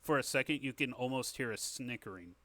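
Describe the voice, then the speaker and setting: A man narrating as game master of a tabletop game, descriptive and measured with fillers. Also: mid-range voice, bright, forceful tone.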